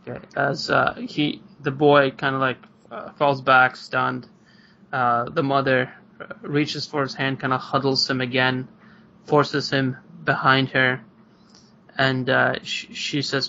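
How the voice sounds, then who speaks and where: A man's voice: mid-range voice, little pitch movement, takes it slowly, gravelly, pushed and bright, a little hiss or hum. A man narrating a tabletop game as game master, rambling with many fillers, over a video call. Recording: muffled lo-fi online call.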